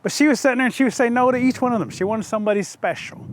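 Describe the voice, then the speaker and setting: Male folk storyteller, high-voiced, playful, chatty asides. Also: very fast, slight background noise. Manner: lively, playful, asides to listeners. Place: museum.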